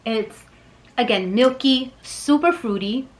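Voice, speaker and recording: A woman reviewing perfume in a vlog, gushing and excitable, with soft whispered asides. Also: a little high, takes it slowly, low-quality recording. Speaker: fragrance reviewer.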